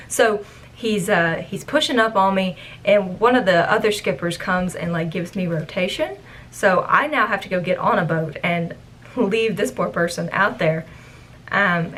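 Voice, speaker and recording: Young woman, casual storyteller, animated, acts out quotes; faint noise. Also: mid-range voice, low-quality recording. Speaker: former theme park cast member.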